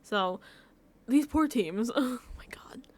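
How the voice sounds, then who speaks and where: A woman vlogger talks through a reality show recap in a casual, emotional way, with lots of "like" and laughter between phrases. Her voice sits a little high and swings widely in pitch. She sounds gushing and heartfelt throughout. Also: animated, slow pace. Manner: effusive, emotional, filler-heavy with frequent "like".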